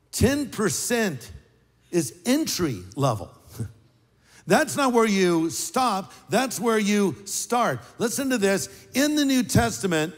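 An older man preaching a sermon as pastor, an animated storyteller with wry, sarcastic asides. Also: high voice, in a large hall.

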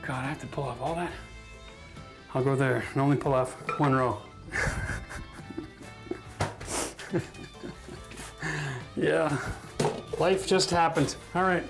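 A man's voice: a little high, normal speed, gravelly, long pauses, music in the background. A man with a chatty, self-mocking manner who laughs often, teaching a casual DIY tiling tutorial on a bathroom job site. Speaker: renovation instructor.

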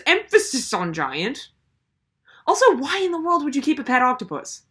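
A woman's voice: high-pitched, sing-song, normal speed, fairly bright tone. A young woman hosting a comedic commentary video, ranting in a sarcastic, exasperated way. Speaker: video host.

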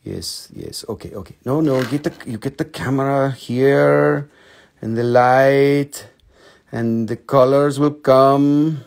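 A man's voice: mid-range voice, slow pace, vocal fry, a little mellow. A young man hosts a live mineral sales show, joking, teasing and swearing casually while slipping into silly put-on voices. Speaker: host selling minerals on a live stream.

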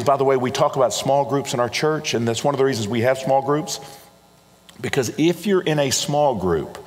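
A man preaching a sermon as a pastor, earnest and pastoral, often repeating phrases for emphasis. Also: medium pitch. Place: church auditorium. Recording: long reverb of a large hall.

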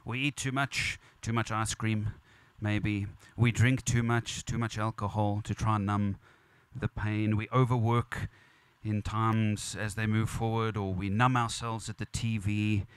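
A man's voice: lowish voice, flat delivery, unhurried, clean tone, no echo. Earnest man preaching at a funeral. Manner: earnest, repetitive preaching with rising emphasis. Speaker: pastor. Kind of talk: funeral sermon. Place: church or funeral venue.

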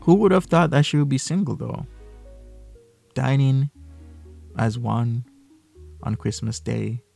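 A man's voice: mid-range voice, lively intonation, takes it slowly, gravelly, pauses often, dark tone, soft background music. A man hosting a reaction commentary video, mocking and full of rhetorical questions. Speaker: commentary YouTuber.

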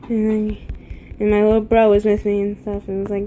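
A woman's voice: mid-range voice, level tone, moderate pace, dark tone, slight background noise. A young woman telling a casual story, rambling with lots of fillers and swearing.

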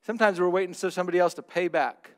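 Very fast and high-pitched, a preaching pastor addresses his congregation earnestly and head-on, alternating between forceful loud outbursts and quiet asides.

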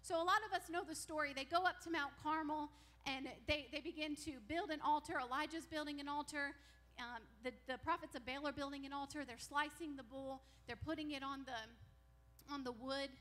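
A woman pastor preaching a sermon, retelling a Bible story in an animated way and acting out the characters' lines. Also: high voice, a little fast. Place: church sanctuary.

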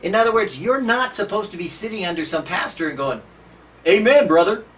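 A man preaching an outdoor Bible study sermon, emphatic, asking the listeners rhetorical questions and swinging between quiet and loud. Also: high-pitched, lively intonation, fast, distant mic, slight background noise.

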